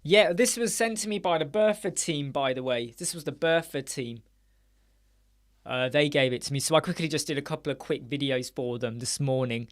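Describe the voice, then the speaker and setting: A man hosting a casual live-stream chat, answering viewers' questions in a chatty, blunt way. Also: normal speed. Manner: chatty and blunt, mimics people in a higher voice. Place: home studio.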